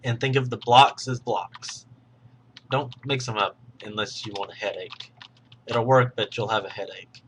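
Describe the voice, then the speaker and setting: Bright-voiced man explaining a game tutorial. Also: medium pitch, steady tone, a little slow, slight background noise. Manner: patient, explanatory, self-correcting. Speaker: tutorial host. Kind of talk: screen-recorded game tutorial narration.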